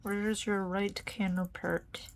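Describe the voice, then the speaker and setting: A woman's voice: medium pitch, level tone, slow, slight background noise. A young woman VTuber giving casual gameplay commentary, reading the story text aloud and laughing often. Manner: giggly, chatty, reads narration aloud. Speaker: VTuber streamer.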